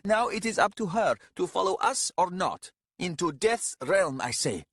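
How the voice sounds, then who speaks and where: A man's voice: high voice, sing-song, moderate pace, fairly bright tone, husky, no room sound, clean studio sound, pitched above the performer's own voice, full character voice. A male narrator voicing a defiant young warrior husband who snarls his commands.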